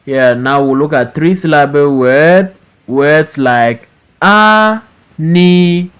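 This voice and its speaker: Slow, careful male phonics teacher. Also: mid-range voice, clear, resonant tone. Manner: slow and deliberate, stretching words out syllable by syllable. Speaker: English teacher. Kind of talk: phonics lesson, reading words for students to repeat.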